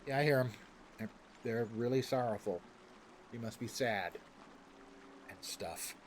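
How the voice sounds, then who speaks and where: A man's voice: medium pitch, unhurried, slight background noise. A man streaming a game, joking and chatting casually as he plays and reads game text aloud. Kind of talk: casual gameplay commentary.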